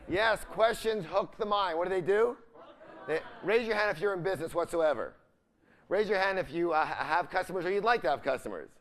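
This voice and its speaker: A middle-aged man with a slightly high voice leads a motivational seminar, quizzing the audience and leaving his sentences unfinished for them to complete.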